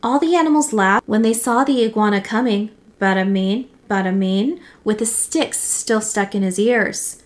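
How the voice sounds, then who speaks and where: A woman teacher reading a picture book aloud to children, animated and doing voices for the animals. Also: on the high side, normal speed, hardly any pauses. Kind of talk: storybook read-aloud for children.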